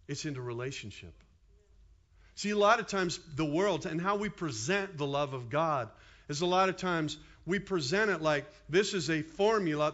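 A pastor in his fifties preaches a sermon in an animated, conversational manner, tossing quick asides to the congregation. His voice is a little high, and the sound is lo-fi.

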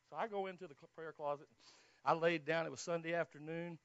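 A man preaching a sermon, telling his own testimony in a fairly high voice. He drops to a hush and then bursts into loud exclamations. The recording is dry and a little dull. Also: fairly even intonation, fast talker, no room sound. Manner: storytelling, swings from hushed to loud exclamations.

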